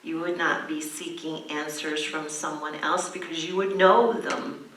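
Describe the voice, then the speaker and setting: A woman pastor delivers a sermon at an unhurried pace, her voice bright and low-pitched. She teaches with gentle emphasis. The sound is echoey and set back from the microphone, as if she were in a church. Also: fairly even intonation, recorded from a distance, slight background noise. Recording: echoey room, voice from the mic.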